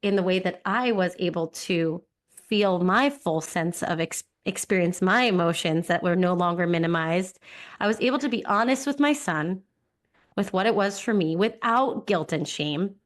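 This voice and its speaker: A woman speaks softly and gently as she tells a personal story on a podcast. She is a mother, and her voice sits at a middling pitch.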